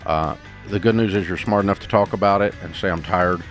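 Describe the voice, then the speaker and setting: A man's voice: lowish voice, fast talker, faint music behind. An older man hosting a call-in advice show, speaking in a blunt, folksy, plain-spoken way. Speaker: radio show host. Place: radio studio.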